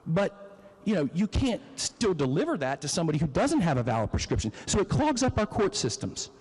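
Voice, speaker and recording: Emotional lawmaker, echoing chamber. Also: male voice, fairly high pitch, big pitch swings, brisk, darkish tone, slightly rough. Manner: emotional, storytelling, emphatic. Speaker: state legislator. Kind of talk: floor speech. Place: legislative chamber. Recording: long reverb of a legislative chamber.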